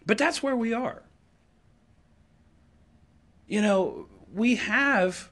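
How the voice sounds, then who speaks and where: A man delivering an impassioned political monologue, emphatic and sarcastic, swinging between loud declarations and low asides. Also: extremely slow, pauses often. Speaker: political commentator.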